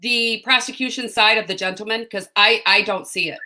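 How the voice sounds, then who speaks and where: Older woman co-host, bright and sharp voice, blunt and wry. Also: mid-range voice, steady tone, brisk. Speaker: retired nurse, co-host of a livestream. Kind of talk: casual chat.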